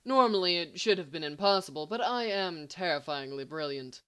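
A woman's voice: lowish voice, lively intonation, moderate pace, fairly bright tone, clean tone. A woman voicing a brilliant young man who talks sheepishly and evasively.

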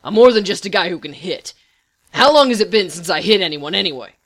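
A woman voicing a frustrated male patient who talks loudly and with heat. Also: lowish voice, animated, a little fast, no room sound. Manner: shouting, heated.

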